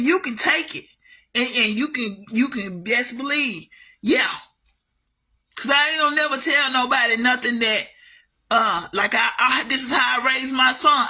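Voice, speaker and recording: A high-pitched woman with a sharp tone vlogs a story to her camera, speaking casually and bluntly. She swears heavily and repeats herself to stress her points.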